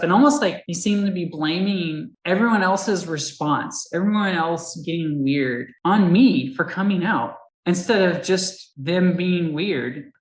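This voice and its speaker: A woman's voice: sits low, reverberant, low-quality recording. A woman who fights and coaches Muay Thai, telling her story candidly in a casual interview, laughing often and acting out the people she quotes.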